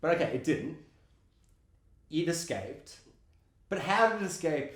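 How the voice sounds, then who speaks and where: A man co-hosting a casual movie chat, animated and laughing often as he acts out scenes. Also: fairly high pitch, unhurried. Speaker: podcast co-host. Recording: roomy echo.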